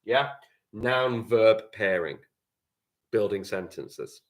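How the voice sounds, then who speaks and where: A man's voice: lowish voice, slow pace. A male primary school teacher, giving a live online writing lesson, reading example sentences aloud and explaining them step by step.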